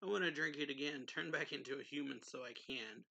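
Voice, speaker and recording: A man's voice: mid-range voice, brisk, gravelly, bright, forceful tone, rough recording. A man voicing a playful, sadistic male vampire aristocrat, reading his lines in a teasing, offhand way.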